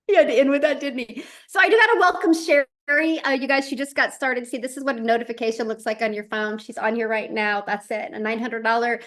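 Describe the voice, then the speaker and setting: A woman's voice: fairly high pitch, a little fast, fairly bright tone. A woman hosting a sales webinar, upbeat and encouraging. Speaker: webinar host.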